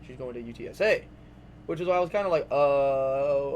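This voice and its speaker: A young man telling a long casual story to his vlog audience, rambling and animated, full of "like"s and swearing. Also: mid-range voice, moderate pace, slight background noise. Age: young adult. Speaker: vlogger.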